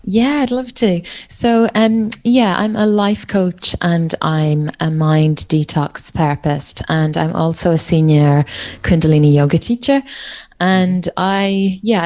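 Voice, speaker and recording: Low-voiced Irish woman with an Australian lilt. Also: darkish tone. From Ireland. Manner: sing-song, enthusiastic, laughs often. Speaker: guest, life coach. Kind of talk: podcast interview.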